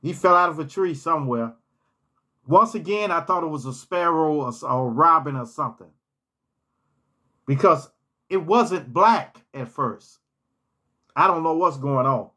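A man's voice: on the high side, expressive, unhurried, long pauses, bright, forceful tone. A man telling personal stories in a casual storytime vlog, rambling and often repeating words and restarting his phrases.

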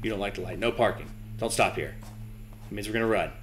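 A young man with a lowish voice talks through a scary game, jittery and cursing as he mutters to himself and taunts what's on screen. A faint hiss of noise sits under his voice. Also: fast talker, a bit bright. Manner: nervous, swearing, talking to himself and the game. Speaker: gaming channel host. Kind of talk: horror game playthrough commentary.

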